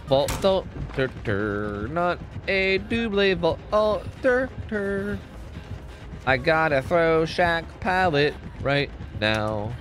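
With faint music in the background, a man streams a game in a fairly high, very slow voice. He chats casually and excitably as he plays, cracking jokes and swearing a lot throughout his gameplay commentary.

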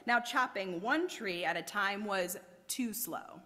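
A woman reading a rhyming storybook aloud at a worship service, telling it in an expressive, theatrical way. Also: mid-range voice, takes it slowly, long reverb tail. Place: church sanctuary.

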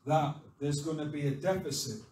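A fervent man preaching in a large church, his voice set fairly high for a man and rising to loud exhortation. He is heard from some distance, with the sound ringing around the hall. The congregation calls back to him throughout. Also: moderate pace, a little hiss or hum. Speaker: pastor. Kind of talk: sermon. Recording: echoey hall, voice from far off. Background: congregation responding.

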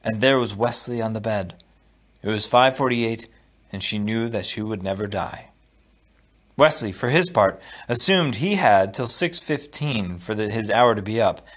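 A man reading a novel aloud in a steady, measured narration. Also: lowish voice. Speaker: audiobook reader. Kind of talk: storybook read-aloud.

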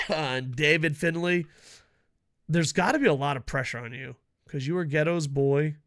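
Guy ranting about wrestling, swears nonstop, bright sharp voice, goes loud then mutters. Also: fairly high pitch, clean tone. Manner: profane, mocking, jumps from shouting to mutters. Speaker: wrestling vlogger. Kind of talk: casual wrestling preview rant.

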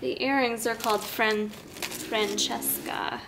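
A woman's voice: fairly high pitch, fairly even intonation, slow, creaky, noisy background. A woman in her twenties, a fitness vlogger talking casually to a handheld camera as she runs errands, chatty and upbeat, saying "like" often. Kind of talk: casual vlog chat. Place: out and about: car, gym, home.

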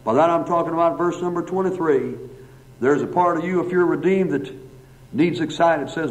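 On a dull lo-fi church recording, a man with a high-leaning voice speaks a little fast. He's a pastor delivering a sermon and then a prayer, full of emphatic rising phrases and long, repeated lists.

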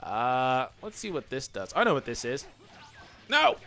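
A man doing let's play commentary, excitable and yelling taunts at his opponents over faint game music. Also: medium pitch, unhurried. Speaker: gaming channel host.

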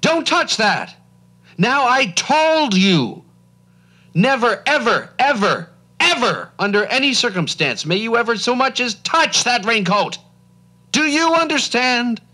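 A man voicing Mister Ackerman, a troubled grown man who bursts out in a high booming yell, then apologizes. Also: measured pace, slightly rough. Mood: booming, shrill. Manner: sudden booming outburst, then shaky apology.

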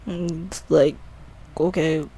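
A casual, rambling commentary from the creator of an audio drama series. The voice carries a noticeable gravelly vocal fry, and the talk is offhand and a little sleepy. Thoughts often restart or get corrected midway. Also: medium pitch, fairly even intonation, takes it slowly, dark tone.

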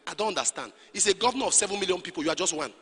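High, lively preacher in a hall. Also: male voice, racing, breathy edge. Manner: preaching with acted quotes and rising shouts. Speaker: pastor. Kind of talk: sermon. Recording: long hall reverb.

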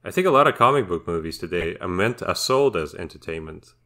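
A man's voice: low voice, animated, fairly quick, bright, forceful tone. A man speaking as a guest in a casual podcast discussion, with a sardonic, mocking manner.

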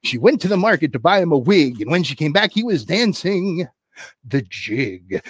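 A man's voice: a little high, very animated, normal speed, slightly rough, no room sound, studio quality. A man running a livestreamed puppet show, chatty and playful with sing-song asides, telling a nursery rhyme into a camera. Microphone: camera on a desk.

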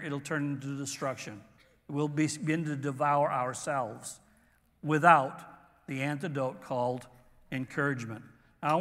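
A pastor delivers his sermon in a high, bright voice, earnest and halting as he restarts phrases. A long reverb from the church sanctuary trails behind every word. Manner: earnest preaching with pauses and restarts.

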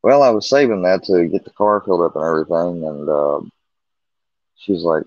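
A man with a deep, low-pitched voice tells a long personal story in a loose, rambling way. He restarts often and acts out the back-and-forth. The sound is dry and dull, like lo-fi stream audio. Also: moderate pace, darkish tone, no room sound. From Missouri. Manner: candid, rambling, with many restarts and quoted dialogue. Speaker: guest telling a personal story. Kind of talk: casual storytelling on a livestream.

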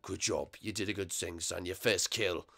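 A man voicing a gruff, bossy Australian army drill sergeant in a game role-play, talking low and barking orders. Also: fairly even intonation, normal speed, pushed and bright, full character voice. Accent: put-on Australian.

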